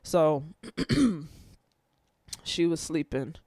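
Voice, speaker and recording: A man speaking haltingly, fighting back tears as he talks about his grief. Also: on the high side, lively intonation, darkish tone, dry recording. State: tearful. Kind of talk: personal testimony on grief.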